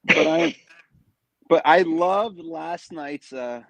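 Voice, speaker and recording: Lively gravelly man from Ohio. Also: on the high side, takes it slowly, no room sound, rough recording. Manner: laughing, animated, swears freely. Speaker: panel guest. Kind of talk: casual call-in chat.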